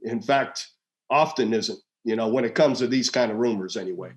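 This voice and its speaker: A man's voice: medium pitch, normal speed. A man in his sixties, a former head coach, telling stories in a casual interview and acting out quoted dialogue. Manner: animated storyteller, acts out quoted dialogue in a raised voice.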